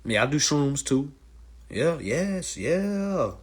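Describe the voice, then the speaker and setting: A man ranting casually and profanely on a phone livestream, animated and loud. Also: on the high side, slow pace, breathy edge. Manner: animated, profane, mimics others' voices. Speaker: livestream host.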